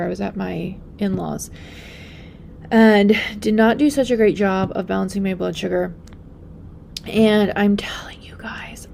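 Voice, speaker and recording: A young pregnant woman hosting a casual solo podcast. She talks in a chatty way and often drops to a soft, breathy near-whisper. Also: medium pitch, a little hiss or hum. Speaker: podcast host and functional practitioner.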